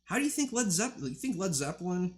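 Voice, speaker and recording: Here a young male streamer talks fast in a high, very animated voice. He chats casually with his viewers, wandering from thought to thought with lots of profanity and fillers.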